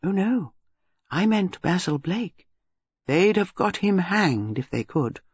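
A man reading an audiobook, voicing a shrewd, gentle elderly spinster sleuth in a soft, measured way. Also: high-pitched, very animated, husky, dry recording, lo-fi sound, heavily acted. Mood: quietly explaining. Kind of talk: audiobook character voice.

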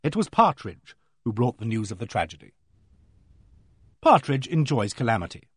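A man narrating a novel in the first person with a measured, expressive reading. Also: mid-range voice, husky, dry recording, studio quality. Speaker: audiobook narrator.

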